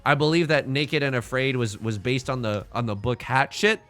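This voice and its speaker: A man's voice: medium pitch, moderate pace, soft background music. A man streaming, chatting casually and jokingly with viewers while playing a game. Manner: rambling, jokey, animated asides.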